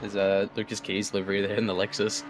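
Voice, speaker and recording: A man's voice: lowish voice, completely flat delivery, fast talker, noisy background. A man who drives in the race, joining the commentary in easygoing, laughing banter. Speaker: sim racing driver and guest commentator. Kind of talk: live sim racing commentary.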